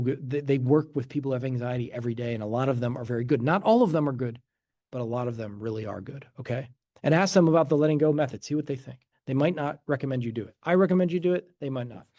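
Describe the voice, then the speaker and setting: Mellow-voiced man giving a casual talk. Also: mid-range voice, no echo, studio quality. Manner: loose and conversational, frequent restarts and asides, chuckles. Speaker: host and teacher of a letting-go method. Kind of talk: informal talk to an online audience.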